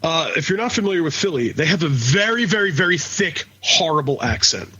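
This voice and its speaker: A man's voice: a little high, animated, fairly quick, bright, forceful tone, slightly rough. A man in his thirties from Philadelphia with a faint Philly accent, chatting crudely and animatedly as a podcast co-host. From Philadelphia, USA. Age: 30s. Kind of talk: casual chat. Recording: dull lo-fi podcast audio.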